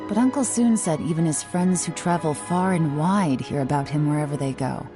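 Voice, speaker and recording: A woman voicing a calm, shrewd young female traveler in video game dialogue, measured and politely formal. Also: sits low, soft background music, close to an everyday voice. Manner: measured, playfully formal when flattering.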